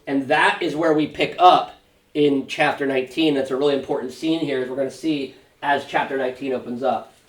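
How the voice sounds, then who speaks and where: A man's voice: medium pitch, steady tone, fairly quick. A man pastor leading a Sunday school Bible study, explaining the passage in a conversational way with fillers and asides. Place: church classroom. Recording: echoey room, mic at a distance.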